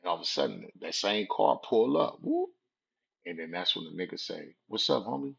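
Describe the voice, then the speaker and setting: A man's voice: sits low, expressive, a little fast, creaky, fairly bright tone, husky. A man, casually telling a personal story in laid-back street slang. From Southern California. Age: 40s. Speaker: vlogger. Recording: dull lo-fi recording.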